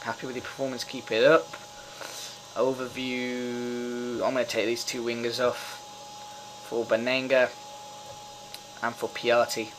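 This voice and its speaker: Speaking at normal speed and medium pitch, pausing often against background noise, a young gamer commentates live on a football management game. He's excitable, swears freely, and cheers at goals.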